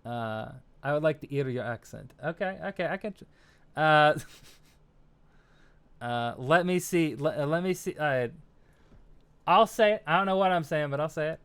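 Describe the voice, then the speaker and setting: A man's voice: fairly high pitch, moderate pace, long pauses, fairly bright tone, clear, resonant tone. A young American man hosting a stream, chatting casually with viewers, rambling and self-deprecating. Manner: rambling and self-deprecating, lots of fillers and laughs. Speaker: streamer host. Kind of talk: casual stream chat reading viewer comments.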